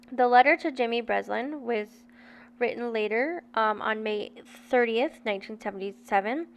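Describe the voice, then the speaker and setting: A woman's voice: fairly high pitch, slight background noise. A woman hosting a channel on adoption, giving casual true-crime commentary in a conversational way, often stopping to correct herself as she reads from her sources. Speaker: adoption educator and channel host.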